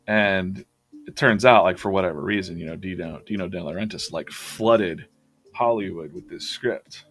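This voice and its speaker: A man's voice: low voice, unhurried, pauses often, a bit bright, faint music behind. A man streaming himself drawing, retelling a story in a loose, rambling way with lots of fillers and restarts. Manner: rambling storytelling with many fillers and self-corrections. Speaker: artist hosting a live drawing stream. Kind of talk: casual chat while drawing.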